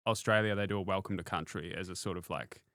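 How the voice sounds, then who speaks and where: A man's voice: low-pitched, steady tone, quick pace, a bit bright, dry recording, studio quality. A man, a comedian guest on a podcast, laid-back and self-deprecating, often trailing off mid-thought. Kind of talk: casual chat.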